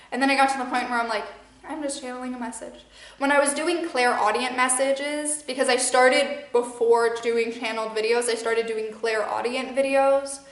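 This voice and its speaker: A young woman with a Midwestern American accent talks in a loose, rambling way, doubling back and restarting her sentences with frequent small laughs. Her voice sits a little high. The room around her is echoey. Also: a bit bright. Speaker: podcast host and channeler. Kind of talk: casual monologue.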